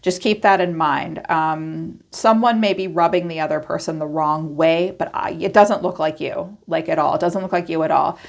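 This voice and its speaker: Woman with a gravelly edge reading tarot. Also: deep voice, steady tone, normal speed, hardly any pauses. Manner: chatty and informal, thinks aloud. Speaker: tarot reader. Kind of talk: casual tarot card reading.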